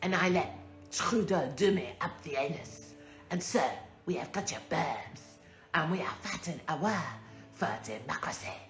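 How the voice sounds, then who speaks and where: A woman's voice: low voice, lively intonation, moderate pace. A woman doing a mocking impression of a pleading male wartime leader, whiny, begging and boastful, recorded in an echoey room with faint music.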